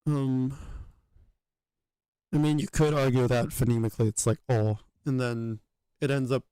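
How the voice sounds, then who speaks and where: A man's voice: medium pitch, fairly even intonation, measured pace, warm tone, smooth, no room sound. A man thinking aloud as he works, hesitant, with many fillers and self-corrections. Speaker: channel host working through a reconstruction. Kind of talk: thinking aloud while working.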